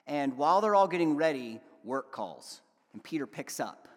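A man's voice: on the high side, very animated, normal speed. A man preaching a sermon to his congregation, casual and conversational, with fillers and asides. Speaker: pastor. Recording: long hall reverb.

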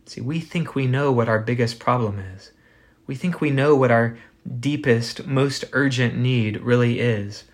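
An earnest male pastor delivering a Sunday sermon in a church. His voice sits at an ordinary middle pitch, and he drives his points home with rhetorical questions and slow, deliberate pauses.

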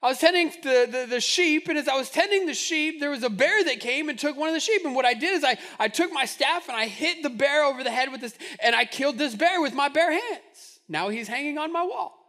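A bold teenage shepherd boy, eager and sure of himself, as a preacher acts him out. His voice is very high and bright, with a sharp, lively edge. He tells of his feats with cheerful confidence. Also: fairly quick, hardly any pauses, exaggerated voice. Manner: eager, boastful storytelling.

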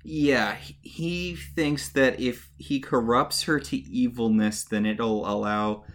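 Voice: mid-range voice, slow, a little hiss or hum. A podcast co-host recapping a show in casual chat, wry, mocking the characters in little put-on voices. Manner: wry, mock-voices characters when retelling.

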